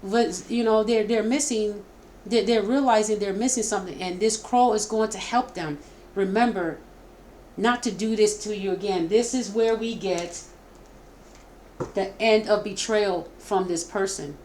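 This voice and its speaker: A woman's voice: medium pitch, a little slow. Middle-aged woman as tarot reader, casual and stumbling, a little noise behind her. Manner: warm, repetitive, stumbling, emotional. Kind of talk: casual spoken tarot reading.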